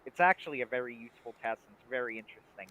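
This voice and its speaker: A man's voice: mid-range voice, racing, sharp tone, low-quality recording. A man co-hosting a livestream, chatting casually and making emphatic, opinionated points. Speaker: livestream co-host. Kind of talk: casual chat.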